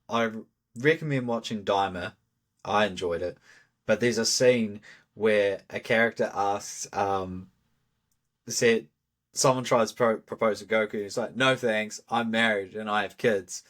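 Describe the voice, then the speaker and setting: A man chatting casually as a podcast co-host, telling relaxed stories and acting out small quotes. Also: fairly low pitch, measured pace. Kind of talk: casual chat.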